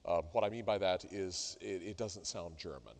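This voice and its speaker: A middle-aged man coaching a singer in a masterclass, talking haltingly with many fillers and sung demonstrations. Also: deep voice, creaky. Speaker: vocal coach leading a masterclass. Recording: reverberant hall.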